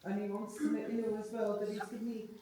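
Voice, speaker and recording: A woman's voice: medium pitch, level tone, fast talker, warm tone. A woman working as a medium, relaying messages to a sitter in a chatty way, with frequent tag questions. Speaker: medium giving a reading. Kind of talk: live psychic reading to a sitter. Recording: echoey room from far off, faint noise.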